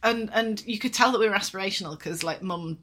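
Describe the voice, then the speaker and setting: A woman's voice: mid-range voice, quick pace, fairly bright tone. A woman co-hosting a casual podcast chat, with a light Yorkshire accent, rambling with lots of fillers. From England, Yorkshire. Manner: chatty, rambling, frequent fillers and laughs. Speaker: podcast co-host.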